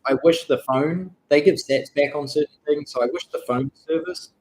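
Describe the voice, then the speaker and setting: A middle-aged man with a New Zealand accent, chatting casually as co-host of a vlog, relaxed and halting with fillers. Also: on the high side, poor audio. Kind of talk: casual chat.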